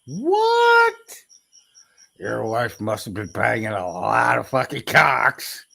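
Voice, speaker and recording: A man's voice: fairly low pitch, measured pace, vocal fry, sharp tone. A man commentating heatedly over replayed clips, mocking and taunting in a profane way. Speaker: streamer reacting to clips.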